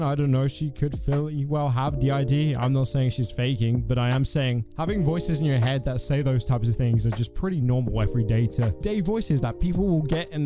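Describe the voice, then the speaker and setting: A man hosting a reaction video, delivering sarcastic commentary with deadpan jokes. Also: mid-range voice. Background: background music.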